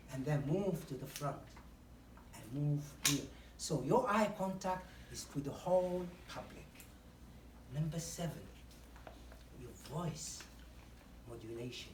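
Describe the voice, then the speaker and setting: A woman's voice: low-pitched, darkish tone, slight background noise. A woman giving a speech on public speaking, listing numbered tips and acting out short examples. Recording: echoey hall from far off, faint ambience.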